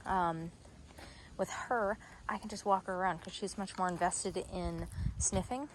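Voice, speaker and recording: A woman's voice: steady tone, unhurried, slight background noise, low-quality recording. A young adult woman, a dog trainer, explaining training steps to viewers outdoors in a park. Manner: explains to viewers, breaks into high-pitched praise for the dog. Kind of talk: instructional dog training video.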